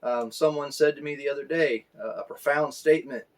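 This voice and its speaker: A man in his forties giving a conversational story sermon, reflective and unhurried, with fillers. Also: mid-range voice. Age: 40s. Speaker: pastor.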